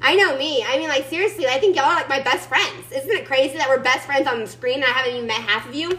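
A woman's voice: sits high, fast talker, sharp tone, low-quality recording. A woman giving her team a chatty, emphatic motivational pep talk over a video call, sassy and calling everyone y'all. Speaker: team leader speaking to her sales team.

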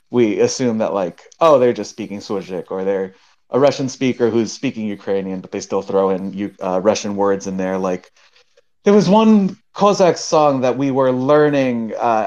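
A man's voice: on the low side, darkish tone. A man talking casually in an online discussion, hesitant and full of restarts. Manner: hesitant, many fillers and restarts. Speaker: panel guest. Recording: dull lo-fi call audio.

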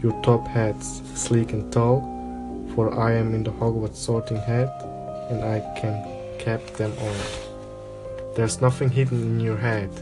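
A man voicing an old magical talking hat that muses slowly over its choices in a storybook reading. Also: fairly low pitch, flat delivery, over loud music. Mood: sing-song verse. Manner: musing, drawn-out and pondering.

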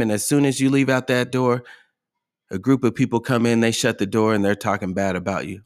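A man's voice: mid-range voice, moderate pace. A man hosting a motivational podcast, talking emphatically and asking his listeners rhetorical questions. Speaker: podcast host.

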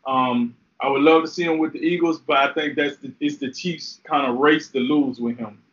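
A young man co-hosting a sports talk show, animated and slangy as he argues his take. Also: medium pitch, moderate pace, dull audio. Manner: fired-up, talks trash, slangy. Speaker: podcast co-host, former player.

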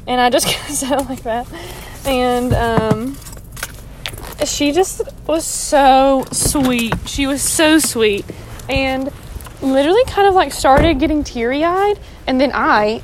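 A woman's voice: fairly high pitch, unhurried, a little hiss or hum. A young woman talking casually to her phone in a parked car, rambling with lots of fillers and "like"s as she recaps her day. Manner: chatty, rambling, many fillers and "like"s. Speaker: vlogger. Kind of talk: casual diary vlog.

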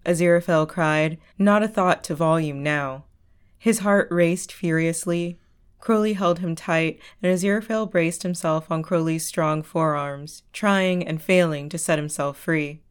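In a measured audiobook reading, a woman narrates a story with a smooth, resonant voice pitched a little low.

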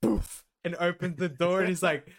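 Young aussie bloke, lively voice that jumps around, swears heaps. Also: male voice, on the high side, moderate pace. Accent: Australian. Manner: animated, sweary, laughing. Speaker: podcast co-host. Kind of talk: casual chat.

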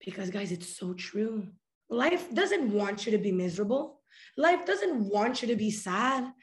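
A woman hosting a podcast, giving a casual motivational talk in a playful, animated way and calling her listeners guys and family. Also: mid-range voice, measured pace, echoey room. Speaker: podcast host.

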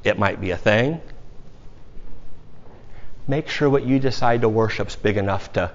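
A man's voice: on the low side, measured pace, highs cut off. A male pastor from the United States preaching a sermon in a conversational way, with casual asides to the congregation.

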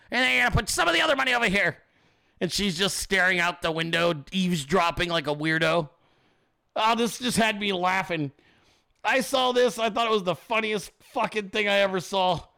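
A man's voice: high-pitched, gravelly, sharp tone. A man hosting a casual livestream, mocking and profane, laughing often and switching into sarcastic put-on voices. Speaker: host.

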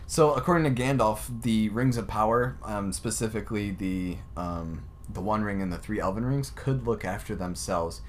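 A man's voice: lowish voice, normal speed, hardly any pauses, slight background noise. A young man sharing trivia in a casual chat with friends, rambling and often breaking into giggles. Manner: rambling, giggly, trails off into laughs.

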